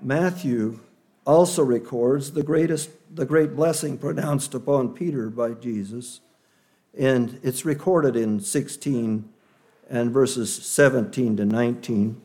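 A man preaching a sermon in an earnest, measured way, leaning hard on key words. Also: medium pitch, mellow.

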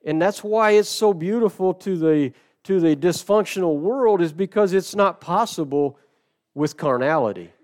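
A middle-aged man preaching a sermon, telling a story with sudden shifts between loud and soft and slow, stressed phrases. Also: high voice. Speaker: pastor.

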